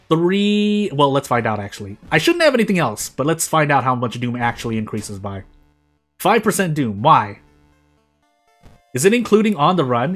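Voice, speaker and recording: A man streaming a video game, talking through his choices out loud and often stopping to restart or correct his sentences. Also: medium pitch. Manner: thinks aloud, often restarts and corrects himself mid-sentence. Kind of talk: live gameplay commentary.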